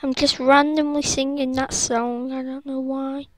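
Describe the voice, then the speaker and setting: A woman's voice: high-pitched, little pitch movement, measured pace, dry recording. A woman giving rambling, giggly commentary over a video game, breaking into silly singing and squeals. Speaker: gaming video host.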